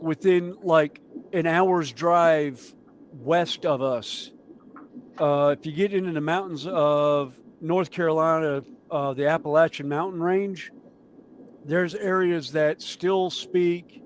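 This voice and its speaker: A man with a Southern US accent, hosting a relaxed, rambling chat while he builds model kits. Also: fairly high pitch, slow pace, slight background noise. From southern United States. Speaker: stream host.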